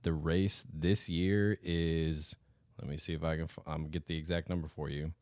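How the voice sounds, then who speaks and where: A very deep-voiced man co-hosting a chatty podcast, loose and playful, drifting off mid-thought before picking back up. The recording is dry and close, with no room sound around him. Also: steady tone, moderate pace, a little mellow, clear, resonant tone, no room sound. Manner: laid-back, joking, trailing off mid-sentence. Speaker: podcast co-host. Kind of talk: casual chat.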